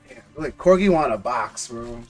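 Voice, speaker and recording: A man's voice: medium pitch, expressive, normal speed, darkish tone, faint music behind. A man hosting a live stream, chatting casually and jokingly with viewers in loose slang, often repeating words as he goes. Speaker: live-stream host opening trading card packs.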